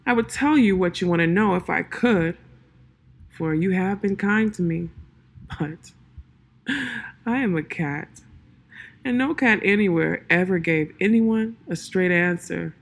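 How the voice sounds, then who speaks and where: A woman voicing a proud, sleepy male cat who speaks slowly and softly in riddles, with a breathy voice. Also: fairly low pitch. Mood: dreamy. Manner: slow, soft, sleepy drawl.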